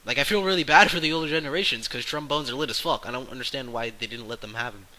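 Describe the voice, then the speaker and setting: A man with a very bright, sharp-edged voice riffs on camera in a loose, profane rant. His pitch sits in an ordinary middle range. He talks bluntly and uses a lot of slang. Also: fast talker, poor audio. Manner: loud and excited early, calmer and lower later. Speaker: vlogger. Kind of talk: casual opinion rant to camera.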